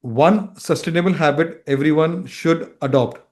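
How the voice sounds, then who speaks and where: A man hosting an interview show, asking brisk quick-fire questions and closing with a scripted sign-off. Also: fairly high pitch, darkish tone. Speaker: show host.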